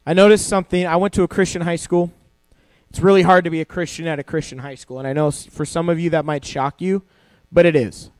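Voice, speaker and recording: A man's voice: a little high, fairly even intonation, fast talker, darkish tone, dry recording. A young man giving a youth sermon, a casual, joking storyteller who acts out quotes as he goes. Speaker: youth pastor. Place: church youth service hall.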